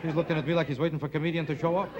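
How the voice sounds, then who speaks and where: A man doing stand-up with a heavy New York Yiddish-inflected accent and a deadpan, complaining delivery. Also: on the high side, racing, over a noisy crowd. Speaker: stand-up comedian. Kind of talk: stand-up comedy set. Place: television studio stage. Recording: loud audience laughter, noisy stage.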